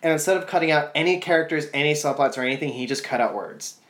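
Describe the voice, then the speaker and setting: A man's voice: a little high, quick pace, a bit bright. Rambling swearing podcast guy, echoey room. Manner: rambling, swears freely, many fillers. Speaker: podcast co-host. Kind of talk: casual book-club chat.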